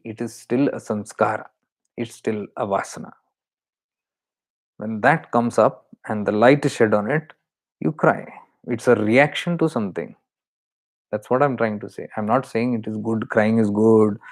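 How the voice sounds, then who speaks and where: A man's voice: on the low side, a little mellow. A man with an Indian accent, a spiritual teacher explaining awareness in an earnest, repetitive way. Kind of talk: spiritual talk.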